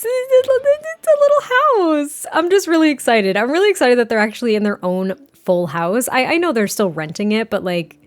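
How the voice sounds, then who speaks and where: A woman's voice: medium pitch, expressive, brisk, hardly any pauses. A young woman casually narrating a life-sim game story, chatty and full of fillers, laughing often. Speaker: gameplay storyteller.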